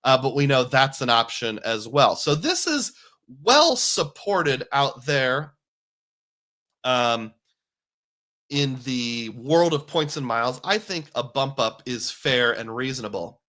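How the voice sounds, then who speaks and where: A man's voice: mid-range voice, very animated, takes it slowly, bright, forceful tone. A man hosting a casual livestream, talking in a chatty, jokey, self-deprecating way and reading out viewer comments. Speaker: host.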